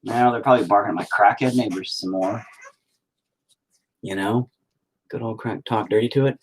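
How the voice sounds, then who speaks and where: A man's voice: lowish voice, moderate pace, background noise. A man streaming himself painting, rambling to himself and swearing nonstop in casual, self-critical commentary. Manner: talks to himself while working. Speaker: painter streaming his work.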